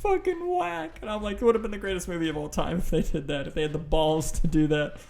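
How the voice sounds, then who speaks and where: A man's voice: fairly high pitch, fast, gravelly, darkish tone. A man co-hosting a movie podcast, talking in a loose, enthusiastic way with plenty of swearing and fillers. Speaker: podcast co-host. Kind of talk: casual chat.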